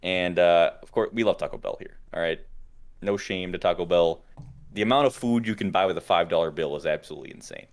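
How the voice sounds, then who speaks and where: Low-voiced young man telling stories. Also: fairly quick. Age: young adult. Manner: animated storyteller, swears often. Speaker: podcast co-host. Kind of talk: casual chat.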